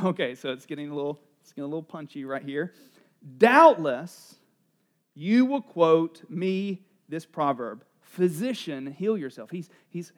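A middle-aged man preaching a sermon as pastor, animated and joking as he acts out the voices of townspeople. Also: sits high.

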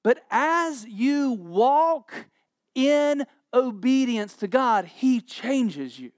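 An extremely high-pitched man in his forties, a pastor, preaches very slowly. His sermon brings scripture stories to life through humor and acted-out voices in a lively, joking way, captured in clean studio sound without any room sound.

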